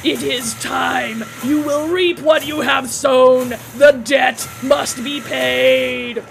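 Woman doing a raspy entranced boy intoning doom. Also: very high-pitched, steady tone, a bit bright, faint music behind, heavily acted. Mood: commanding. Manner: slow, intoning, implacable.

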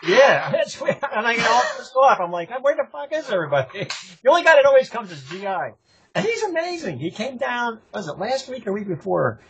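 A man's voice: very high-pitched, big pitch swings, a little fast, a bit bright. An older man telling rambling, profane stories from his club days in a casual interview, laughing often. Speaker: interview guest, longtime running club member. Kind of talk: casual anecdotal storytelling.

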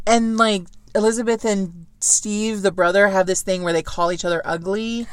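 A woman's voice: mid-range voice, fairly even intonation, moderate pace, hardly any pauses, bright, forceful tone, clear, resonant tone, no room sound. A woman in casual chat about a book, swearing often and acting out quotes with laughter.

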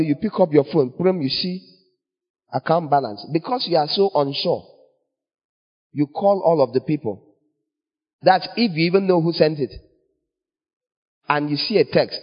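A man preaching a sermon in an animated way, acting out little scenes in other voices. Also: fairly high pitch, normal speed, pauses often. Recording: dull long reverb of a large hall.

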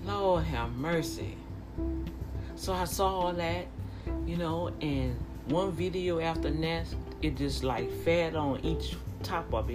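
Slow-speaking fervent preaching woman. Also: sits low. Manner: fervent, repetitive, with calls to the listeners. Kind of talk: impassioned informal preaching.

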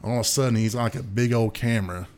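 A man's voice: on the low side, quick pace. A man co-hosting a podcast in casual chat, spinning a long scenario with lots of laughter. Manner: animated storyteller who laughs often. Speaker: podcast co-host.

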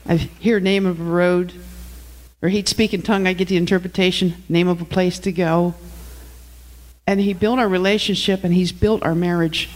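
A woman's voice: on the low side, fairly even intonation, normal speed, darkish tone, poor audio. A woman, the preacher's wife, giving an earnest, emotional testimony during the sermon and sometimes breaking off mid-phrase.

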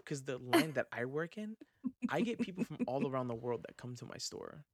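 A man's voice: medium pitch, sing-song, fairly quick, no echo, clean studio sound. Rambling man hosting a podcast. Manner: rambling, swears, trails off into fillers. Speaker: podcast host. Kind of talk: casual chat.

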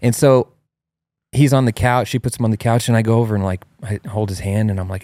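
A low-pitched man in his thirties tells a story in a relaxed, chatty way, and his voice jumps up high whenever he quotes a child. The sound is dry and close, with no room around it. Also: fast talker, no echo. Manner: animated, acts out his child's cries in a high voice. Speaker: host. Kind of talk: casual storytelling chat.

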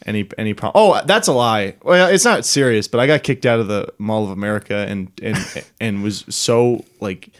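A man co-hosting a podcast, chatting casually and telling an animated story with frequent laughs. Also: on the low side, moderate pace, few pauses. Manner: animated storyteller, laughs often, mimics voices. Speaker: podcast co-host. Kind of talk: casual chat.

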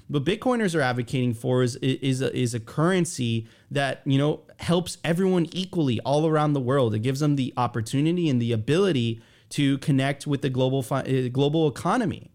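A man co-hosting a podcast, talking casually with halting restarts and many rhetorical questions. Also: mid-range voice, a little mellow. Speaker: podcast co-host. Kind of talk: casual opinion chat.

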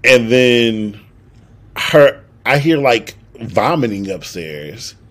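A young man in his twenties co-hosts a podcast, telling a story slowly in a mid-range voice. He's animated and profane in casual chat, acting out the quoted dialogue of the people involved.

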